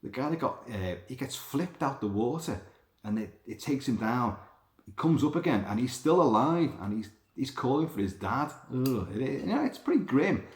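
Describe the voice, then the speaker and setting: A man hosting a podcast, talking in a rambling, sweary, animated monologue. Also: medium pitch, moderate pace. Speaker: podcast host. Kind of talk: casual monologue. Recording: roomy echo.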